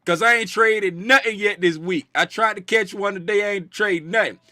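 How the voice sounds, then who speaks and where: High-voiced, slangy trading stream host. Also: male voice, normal speed, no echo, studio quality. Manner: playful, animated, reads chat names aloud and shouts bits of it; slangy, loose, repeats himself. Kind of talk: casual live-stream market talk.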